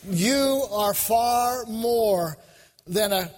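A man's voice: high-pitched, normal speed. A man preaching a fervent, repetitive sermon, speaking straight to a large crowd. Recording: long hall reverb.

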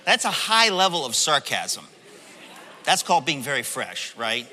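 A male pastor preaching in a church sanctuary, with a voice that is bright and a little higher than most men's. He talks in an animated, conversational way and keeps acting out the story. His voice carries a long reverb from the hall. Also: a little slow. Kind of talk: sermon.

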